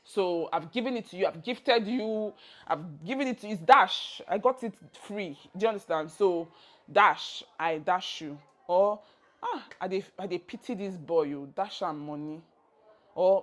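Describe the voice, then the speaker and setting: A woman's voice: lowish voice, a little slow, a bit bright. A Nigerian woman giving a casual video lesson, playfully acting out example phrases as she teaches. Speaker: language tutor.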